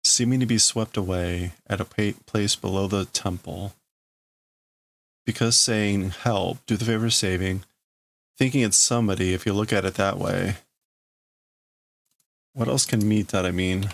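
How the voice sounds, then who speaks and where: A man on a livestream, translating a manga aloud in a halting, thinking-out-loud way. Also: fairly low pitch, vocal fry. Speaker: streamer.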